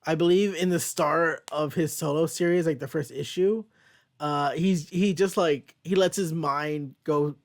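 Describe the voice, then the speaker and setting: Casual young man reviewing comics. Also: a little slow. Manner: casual, laughs often, reads quotes in a low flat voice. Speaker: comic book podcast host. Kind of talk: casual chat, reading comic lines aloud.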